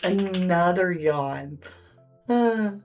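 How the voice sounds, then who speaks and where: A woman's voice: fairly low pitch, animated, very slow. A woman hosting a live painting stream, chatting casually, reading viewer comments aloud and fussing over her dogs. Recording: faint background music.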